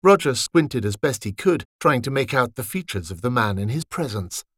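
A man reading a fantasy story aloud in an expressive, wry manner. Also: medium pitch, moderate pace, no echo, studio quality.

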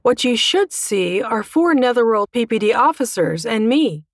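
A woman's voice: on the high side, lively intonation, normal speed, no room sound, studio quality, pitched above the performer's own voice. A woman reader voicing a smug, teasing male goblin officer who talks down to a dragon. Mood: aloof. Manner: glib, teasing, calls everyone babe.

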